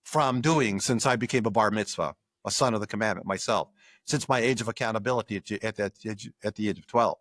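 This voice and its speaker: An older man, a guest scholar in an interview, explaining with lively examples and acted-out quotes. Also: lowish voice, brisk, no room sound. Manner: animated explainer acting out examples.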